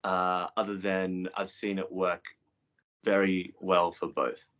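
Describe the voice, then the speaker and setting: A man who works as a men's coach, answering interview questions in a measured, thoughtful way. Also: sits low, little pitch movement, a bit bright, muffled recording. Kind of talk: interview guest.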